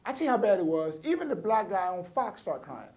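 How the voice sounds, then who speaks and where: A middle-aged man performing stand-up comedy, telling a personal story with wry, punchy asides and sharp comic timing. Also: high voice, big pitch swings, a little fast, heavy background noise.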